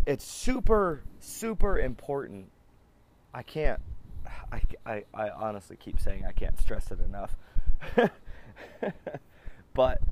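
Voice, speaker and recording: A man in his thirties hosting a podcast, talking in a rambling, halting way with many restarts and fillers. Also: on the low side, a little hiss or hum. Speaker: podcast host. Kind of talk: casual personal monologue.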